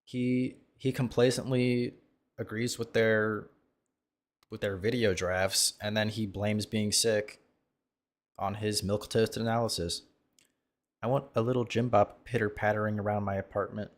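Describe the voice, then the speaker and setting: A man commenting on a video during a live stream, brash and profane, mocking the creator and breaking into sudden loud outbursts. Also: on the low side, level tone, measured pace.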